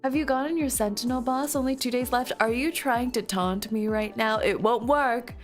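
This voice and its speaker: A woman's voice: on the high side, moderate pace, faint music behind. A woman streamer chatting casually with her viewers, playful and giggly, breaking into squealing outbursts now and then.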